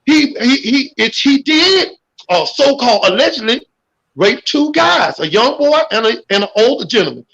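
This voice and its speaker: A man calling in to a livestream chat, talking in an animated, preachy way and swearing freely. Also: very high-pitched, normal speed, breathy edge, dull audio. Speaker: guest caller.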